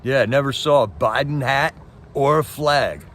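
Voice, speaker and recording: A man on a livestream goes on an impassioned, casual political rant, answering chat messages and peppering his talk with rhetorical questions. He has a mid-range, fairly bright voice and speaks a little slowly.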